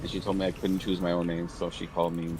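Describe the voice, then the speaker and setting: A man's voice: low voice, completely flat delivery, fast, noisy background. A man talking in a rambling, hesitant way during a casual online group voice chat. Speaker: voice chat participant.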